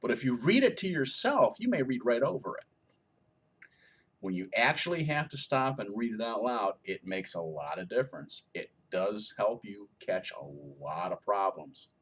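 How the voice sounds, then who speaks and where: A man's voice: lowish voice, sing-song, normal speed, slightly rough. A man co-author answering reader questions in a casual chat, explaining things in a jokey way.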